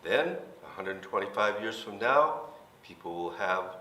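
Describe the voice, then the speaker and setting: A seventy-year-old man, a minister, explaining things gently and patiently in a light comedic skit. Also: on the low side, expressive, unhurried, a little hiss or hum. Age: 70s. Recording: roomy hall, mic at a distance.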